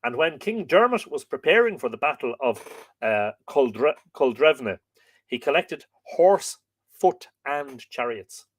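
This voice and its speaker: A middle-aged Irish man reading a history book aloud on a live stream, taking slow, careful passages and pausing to spell out words and chat with his viewers. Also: medium pitch, very animated. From Ireland.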